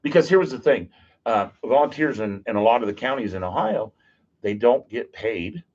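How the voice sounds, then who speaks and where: A man trades stories on a podcast, his middle-pitched voice lively and full of jokes, slipping into the voices of people he quotes. The audio sounds a bit dull and lo-fi. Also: normal speed. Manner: animated, jokey, acts out quotes. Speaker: podcast guest. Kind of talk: casual storytelling.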